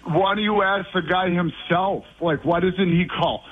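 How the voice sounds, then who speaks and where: Rambling male caller on tinny phone. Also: high-pitched. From Boston area. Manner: rambling, excitable, quick to mock outrage. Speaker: regular radio caller. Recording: tinny dry phone line.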